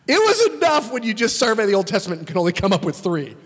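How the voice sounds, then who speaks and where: High-voiced guy preaching, super lively, big reverby hall. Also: fast talker, breathy edge. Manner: animated and emphatic, swinging between exclamations and quiet asides. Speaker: pastor. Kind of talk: sermon.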